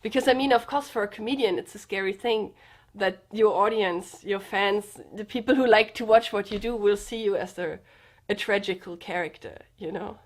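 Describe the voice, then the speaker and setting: Woman vlogger, sick, subdued and a bit sedated, halting speech, restarts, confessional talk. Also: medium pitch. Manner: halting, hesitant, with many restarts. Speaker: comedian and vlogger. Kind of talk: personal confessional vlog. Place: indoors, sitting on the floor with pillows.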